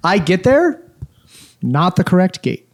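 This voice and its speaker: A man co-hosting a podcast, telling a long travel story in an animated, exasperated, swear-heavy way. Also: sits high, measured pace. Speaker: podcast co-host. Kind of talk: casual storytelling chat.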